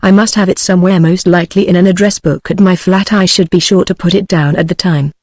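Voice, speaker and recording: A woman's voice: lowish voice, fast talker, no room sound, clean studio sound, natural voice. A text-to-speech voice of a woman with a British English accent reading the lines of an anxious female singer, with no change of voice. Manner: flat synthetic reading of dialogue.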